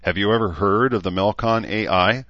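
A man's voice: on the low side, normal speed, sharp tone, no echo, muffled recording. Man doing a blunt, wry young man. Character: young man, hard-edged and wry about violence.

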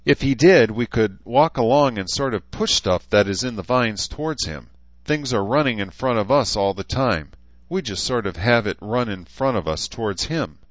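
A man's voice: medium pitch, animated, moderate pace, no echo, pitched above the performer's own voice, lightly acted. A man voicing an earnest young man thinking out a plan, hesitant, in a dull, dry recording. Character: young man, practical and scheming.

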